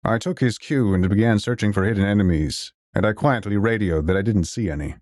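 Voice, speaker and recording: A man narrating a science fiction audio drama in the first person, in a steady, measured storytelling manner. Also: on the low side, no echo, studio quality.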